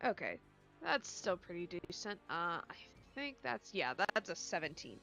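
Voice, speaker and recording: A woman playing a tabletop game, wry and easygoing, talking through her moves out loud. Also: on the low side, big pitch swings, normal speed, gravelly, soft background music. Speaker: player. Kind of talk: casual tabletop game chat.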